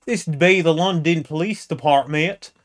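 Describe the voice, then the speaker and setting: A live comedian voicing a police dispatcher who stammers and rushes through the news. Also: medium pitch, natural voice. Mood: excited. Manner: stammering, hurried.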